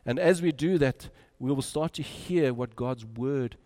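A man preaching a sermon, moving between loud urging and quiet, soft drops. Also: medium pitch, a little slow.

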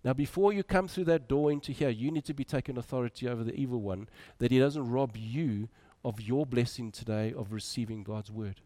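A man preaching a sermon, moving between loud urging and quiet, soft drops. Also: medium pitch, brisk, few pauses.

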